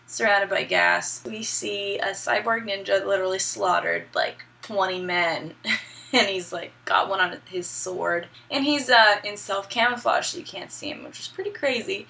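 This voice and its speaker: Brief: young woman vlogger, irreverent and profane, gravelly fry in the voice. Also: medium pitch, moderate pace, bright, forceful tone. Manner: irreverent, profane, laughing asides. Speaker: gaming vlogger. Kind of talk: casual story recap.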